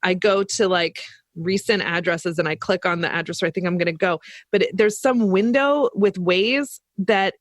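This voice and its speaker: A woman's voice: on the low side, moderate pace, dry recording. A woman co-hosting a podcast, telling work stories in a chatty casual way. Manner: chatty anecdotal storytelling. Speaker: podcast co-host, lactation consultant.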